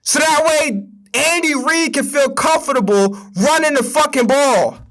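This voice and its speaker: With a very high, fairly bright voice and a slightly slow delivery, a young man rants about sports on his stream. He's a streamer and sports podcast host, casual and heated, swearing freely.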